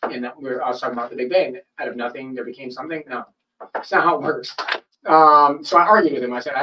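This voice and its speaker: A man in a loose podcast chat, telling a story with plenty of swearing and quick impressions of the people in it. His voice sits at a middling pitch and comes from a little way off the mic, as if he is leaning back. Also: recorded from a distance, poor audio. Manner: animated, profane, acts out quoted people. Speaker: podcast host. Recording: voice a bit off-mic.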